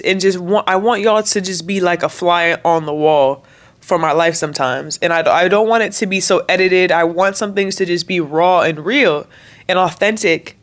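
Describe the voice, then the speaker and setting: A young woman talking candidly to camera in a vlog, emotional and chatty, her voice close to cracking. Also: fairly low pitch. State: voice cracking, near tears. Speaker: vlogger. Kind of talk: casual talk to camera.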